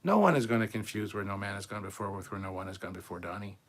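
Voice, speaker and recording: A man hosting a live stream, reading out viewer comments and giving blunt, opinionated answers, often clearing his throat and stumbling over words. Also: fairly low pitch, animated, fast, slight background noise. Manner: blunt and opinionated, swears casually. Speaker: host of a live show.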